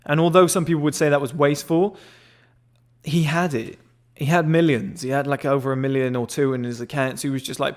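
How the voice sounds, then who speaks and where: A young man telling a rambling, excited story in casual chat, swearing often and filling with "like" and "whatever". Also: medium pitch, fairly quick. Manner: excitable, swears a lot, rambling with many fillers. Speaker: members club founder telling a story.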